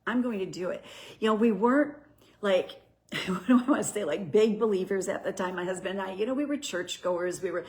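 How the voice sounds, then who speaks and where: A woman's voice: medium pitch, a little fast, darkish tone. A middle-aged woman hosting a show, sharing a personal testimony in an earnest, conversational storytelling way. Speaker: host.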